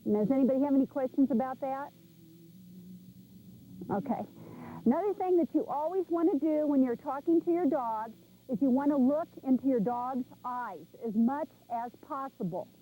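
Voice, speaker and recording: A woman's voice: high voice, animated, moderate pace, dark tone, slight background noise, low-quality recording. A woman animal trainer leading a class, talking casually and repeating commands with firm emphasis. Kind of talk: instructional class talk. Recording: VHS video recording.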